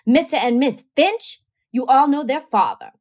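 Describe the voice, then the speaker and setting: A woman's voice: high-pitched, animated, moderate pace, darkish tone, voice pushed up. A woman reading aloud, voicing a stern preacher man who makes formal announcements to his congregation.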